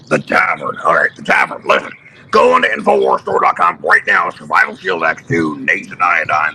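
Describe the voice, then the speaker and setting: A man doing an impression of a conspiracy radio host, yelling product plugs and swearing. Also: very deep voice, gravelly, slight background noise, pitched below the performer's own voice, full character voice, poor audio. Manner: shouting sales rant, swearing. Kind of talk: prank voice impression on a live stream.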